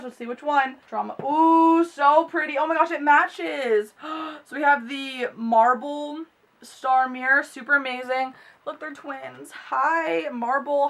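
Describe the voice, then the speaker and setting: Gushing high-voiced young woman vlogger. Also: far from the mic. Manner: gushing and excitable, gasps and squeals. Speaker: beauty vlogger. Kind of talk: unboxing vlog chat.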